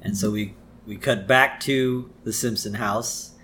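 A man's voice: lowish voice, steady tone, a little slow, fairly bright tone, a little hiss or hum. Easygoing man narrating scenes with laughs. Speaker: podcast co-host. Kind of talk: casual episode recap chat.

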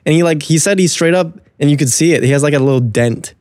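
A young man with a slightly higher voice chats easily on a podcast, teasing his friend and laughing through his sentences. The sound is dry and close, with no room around it. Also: quick pace, a little mellow, dry recording. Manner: chatty, laughs often, teasing. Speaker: podcast co-host. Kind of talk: casual podcast chat.

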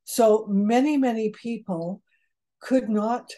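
Mellow-voiced older woman telling stories. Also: on the high side, slow. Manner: storytelling, chuckles at her own jokes. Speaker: genealogist guest. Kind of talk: conversational interview.

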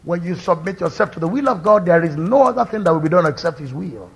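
Fervent preacher, high gravelly voice. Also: male voice, lively intonation, quick pace. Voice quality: high, gravelly and husky, with shouted peaks. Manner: fervent preaching, swings from quiet to loud cries. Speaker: pastor. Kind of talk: sermon.

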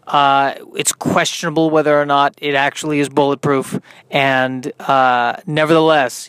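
A tired man, a comedian, hosting his own podcast in a rambling, halting, self-deprecating monologue. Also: on the high side, a bit bright, smooth, no room sound. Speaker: podcast host and stand-up comedian.

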